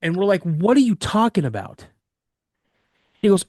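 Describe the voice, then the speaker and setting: A man from Washington State with a fairly high voice tells a childhood story casually, in the first person. He acts out the back-and-forth dialogue in quick, animated bursts. The recording is dry and close, with no room sound. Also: no room sound. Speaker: eyewitness recounting a personal encounter.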